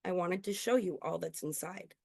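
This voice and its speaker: A woman performing her own spoken-word poetry at an open mic, earnest and intimate, slowing on key lines. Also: lowish voice, gravelly, a little mellow, dry recording, clean studio sound. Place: indoor open mic venue.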